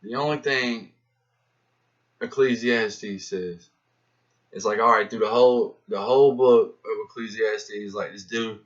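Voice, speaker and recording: A man talking in a rambling, profane, slangy monologue about life and philosophy, getting animated as he acts out his own inner voices. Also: lowish voice, moderate pace, hardly any pauses. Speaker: rapper musing to camera. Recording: dull lo-fi sound.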